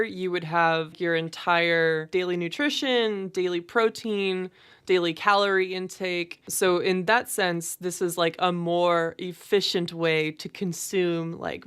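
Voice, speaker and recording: A woman's voice: fairly low pitch, fairly bright tone, clean tone. A young adult woman co-hosting a casual chat, talking in a chatty way with lots of fillers. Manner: chatty, filler-heavy, laughs easily. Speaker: podcast co-host.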